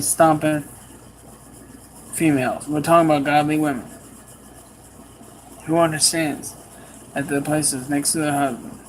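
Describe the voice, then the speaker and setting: A man preaching a sermon, telling a personal story with animated swings in pitch and pace. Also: slight background noise, rough recording.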